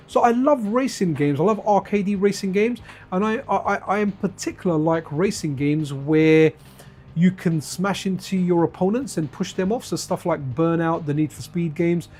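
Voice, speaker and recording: A man's voice: sits high, a little mellow. A man chatting casually to his viewers on a live stream while playing retro games, wandering off into side stories and addressing chat by name.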